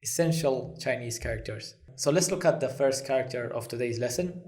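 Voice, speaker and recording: A man's voice: medium pitch, a little fast, darkish tone. A man teaching a language lesson, patient and reassuring, counting strokes aloud as he writes. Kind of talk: step-by-step lesson.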